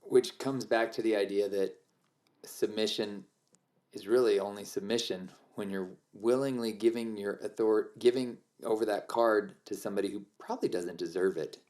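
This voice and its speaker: A man's voice: on the low side, steady tone, normal speed, a little mellow. A man co-hosting a podcast, adding reflective comments and agreeing often in a casual faith talk. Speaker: podcast co-host.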